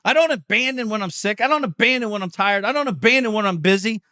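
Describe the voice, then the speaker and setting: Middle-aged male podcast host, motivational rant, yells and swears, bright forceful voice, dry close sound. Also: high voice, fast talker, dry recording. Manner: intense, profane, yelling. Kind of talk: motivational monologue.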